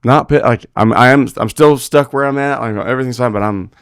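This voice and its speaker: A man's voice: mid-range voice, a little fast, smooth, no room sound, studio quality. A man who is a rodeo roper and father, a podcast guest telling blunt, profane stories full of quoted dialogue in a casual interview.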